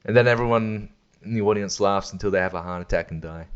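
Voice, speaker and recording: A man's voice: on the low side, fast talker, clear, resonant tone, highs cut off. A man talks alone on his podcast. He rambles, swears a lot, laughs often and mimics voices. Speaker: podcast host. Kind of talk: casual solo chat.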